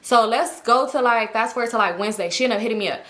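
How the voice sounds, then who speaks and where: Fast, bright-voiced young woman. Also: a little high. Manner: animated, acts out other people's lines. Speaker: vlogger telling a story. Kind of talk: casual storytime.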